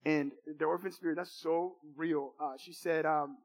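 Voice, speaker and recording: A man's voice: a little high, fairly even intonation, normal speed. A man preaching a sermon, telling a personal testimony in an emphatic, repetitive way with emotional swings.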